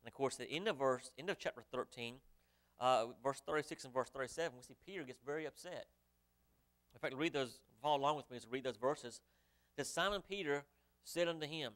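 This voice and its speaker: Smooth-voiced male pastor preaching. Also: medium pitch, fast talker, fairly bright tone. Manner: asks the congregation rhetorical questions; reads scripture aloud in old-fashioned wording. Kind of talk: sermon.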